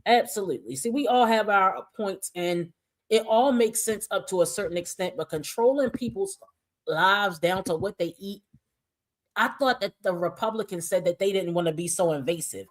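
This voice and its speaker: A woman's voice: medium pitch, expressive, normal speed. Blunt, profane woman ranting. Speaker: livestream host. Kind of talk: livestream commentary reading chat.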